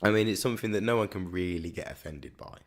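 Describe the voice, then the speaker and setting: Low-voiced Birmingham man chatting. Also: fast talker. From Birmingham, England. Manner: rambling, hesitant, many restarts. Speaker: podcast co-host. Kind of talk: casual chat.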